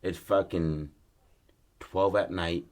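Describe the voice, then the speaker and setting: Low-voiced male podcast host; laid-back, profane storyteller who acts out his characters' lines. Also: fairly even intonation, slow pace. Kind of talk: casual storytelling chat.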